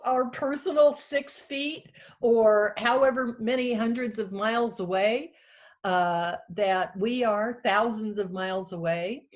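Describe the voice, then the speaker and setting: A woman in her sixties gives a heartfelt, halting union speech over a video call from her small house, emotional and full of fillers. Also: on the high side. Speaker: union president addressing a convention.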